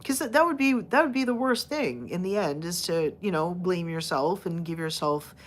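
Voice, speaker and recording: Woman, livestream host, casual chat, slightly low pitch, lots of fillers and restarts, talks to viewers by name. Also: expressive, normal speed. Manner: chatty, with many fillers and restarts.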